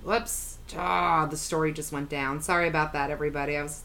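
Woman, co-host, casual chat, bright voice, rambling, quick to laugh. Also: sits low, fairly even intonation, creaky. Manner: rambling, laughs easily, reads news aloud.

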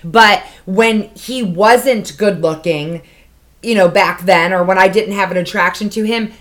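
A woman with a middle-pitched voice chats freely as a podcast co-host. She rambles from thought to thought and swears casually. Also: unhurried. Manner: chatty, profane, rambling. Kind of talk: casual chat.

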